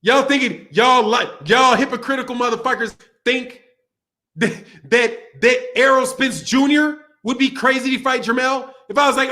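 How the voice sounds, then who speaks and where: On his boxing channel's livestream, a man goes on a heated, foul-mouthed rant, laughing often and saying things over and over. He speaks at a normal speed in a very high, bright, forceful voice.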